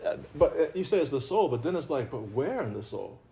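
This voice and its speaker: Male religious teacher, warm mellow tone, playful conversational delivery with frequent laughs. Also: fairly high pitch, very animated, a little fast. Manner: conversational and playful, laughs often, repeats himself. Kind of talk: informal spiritual talk to a live audience.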